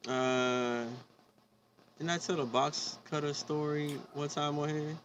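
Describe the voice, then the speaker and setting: A man's voice: fairly high pitch, steady tone, takes it slowly, fairly bright tone. Hesitant man with faint hiss behind. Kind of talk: casual chat.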